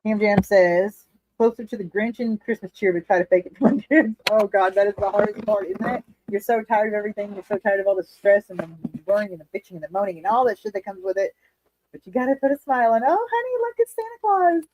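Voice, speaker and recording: A woman's voice: mid-range voice, quick pace, muffled recording. A woman hosting a casual livestream from her living room, chatting candidly with viewers, laughing often and swearing freely. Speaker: livestream host reading chat. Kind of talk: casual chat.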